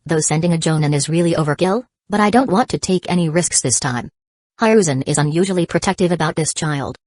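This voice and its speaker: A woman's voice: low voice, a little fast, a little mellow, no echo. A woman voicing a grumpy, menacing old male spymaster in an audiobook. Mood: commanding.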